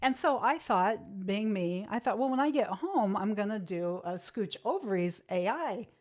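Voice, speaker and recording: This is a woman comedian in casual podcast chat, spinning anecdotes with a chatty, bubbly delivery. She laughs easily and keeps the banter light, with a voice of ordinary middle pitch for a woman. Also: animated, darkish tone. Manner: chatty storyteller, quick to laugh. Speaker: podcast co-host.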